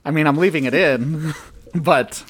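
A man's voice: a little high, unhurried, slight background noise. A young adult man co-hosting a podcast in casual chat, with crude, joking banter. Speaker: podcast co-host.

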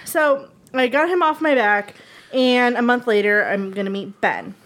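A woman with a somewhat high voice chats casually on a podcast, taking her time as she tells a dating story. She's animated, swears freely, and acts out the quotes.

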